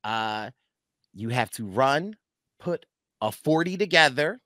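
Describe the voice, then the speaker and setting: A man hosting a casual recap chat, animated and often laughing as he acts out quotes. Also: medium pitch, slow, no room sound, studio quality. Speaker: host.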